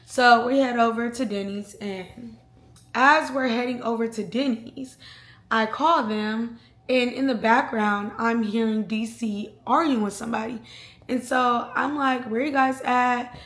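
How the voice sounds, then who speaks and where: A woman vlogger telling a personal story in a casual, slangy, animated way. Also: on the high side, measured pace, reverberant. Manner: chatty, slangy, animated retelling.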